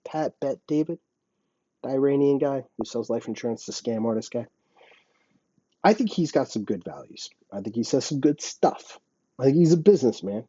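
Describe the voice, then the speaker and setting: A young man vents into his computer mic from his apartment, profane and rambling as his thoughts spill out. His voice is very dark and a little husky. The sound is dry and somewhat dull, like a cheap home setup. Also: mid-range voice, no echo. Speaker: YouTube vlogger. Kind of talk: ranting monologue to camera.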